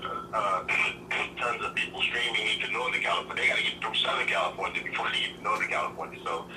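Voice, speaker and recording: A man's voice: on the low side, fast. A man calling in to a talk show by phone, who speaks hesitantly and often restarts his sentences. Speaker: guest caller. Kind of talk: casual phone conversation. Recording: echoey distant phone line with noise.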